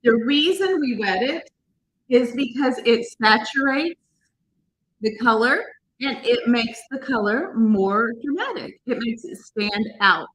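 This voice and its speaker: A woman's voice: on the high side, animated, a little slow, a bit bright, slight background noise, poor audio. A woman demonstrating makeup in a casual tutorial, chatty and talking viewers through each step, sometimes quizzing them. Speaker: makeup artist demonstrating products.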